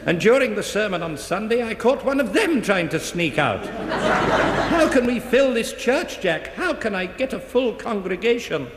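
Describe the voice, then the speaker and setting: A fretful vicar, voiced by a man, frets aloud with a high, lively voice. The recording is noisy, with a long, roomy reverb, like a live radio comedy taped in a hall. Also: unhurried. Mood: pleading. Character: fretful middle-aged male vicar.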